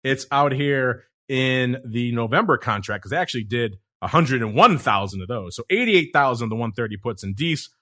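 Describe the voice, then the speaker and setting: A man hosting a podcast, giving playful, animated market commentary and rattling off numbers. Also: mid-range voice, moderate pace, few pauses. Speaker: host.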